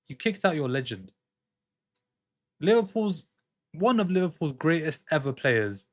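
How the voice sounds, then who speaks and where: Brief: male streamer, slightly high voice, excitable live football reaction, trades banter with chat. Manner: excitable, jumps between commentary and arguing with chat. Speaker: streamer hosting a football watchalong.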